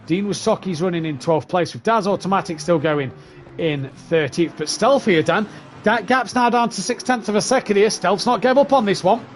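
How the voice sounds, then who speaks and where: Chatty high-voiced race commentator. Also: male voice, normal speed, a little hiss or hum. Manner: chatty, reels off positions and gaps. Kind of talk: sim racing commentary.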